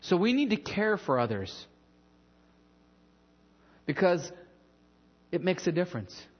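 A pastor preaching a sermon in a church in a conversational, animated way, with asides and bits of humor. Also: male voice, sits high, slow, big-room sound, highs cut off.

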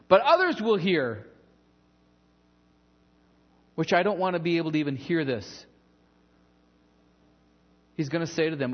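A pastor preaching a sermon in a church in a conversational, animated way, with asides and bits of humor. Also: male voice, high voice, moderate pace, pauses often, big-room sound, lo-fi sound.

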